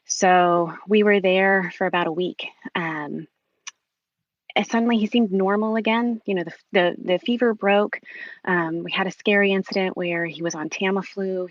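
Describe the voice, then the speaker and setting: A woman guest on a podcast, telling an emotional personal story with many pauses and ums. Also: fairly low pitch, dry recording, highs cut off.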